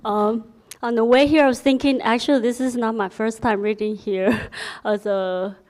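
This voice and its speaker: A woman's voice: on the high side, steady tone, normal speed, darkish tone. A woman, a featured poet whose first language is Mandarin, making casual remarks before her reading, hesitant, with many fillers and self-conscious laughter.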